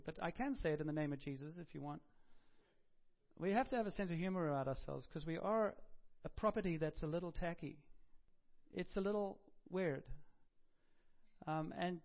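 A man preaching a sermon in a conversational way, with humorous asides and self-corrections. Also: sits high. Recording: dull lo-fi recording.

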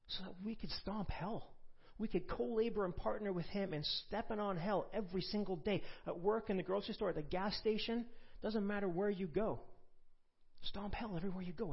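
A man preaching a sermon, telling a personal testimony in an animated way and building to forceful preaching, in a dull lo-fi recording. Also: high-pitched, gravelly, slightly rough.

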